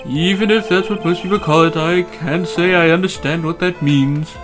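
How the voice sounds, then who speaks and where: A man's voice: on the high side, fairly even intonation, normal speed, music in the background, close to an everyday voice. A man voicing a meek older male judge, hesitant and deferential, in a game fan dub. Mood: dithering.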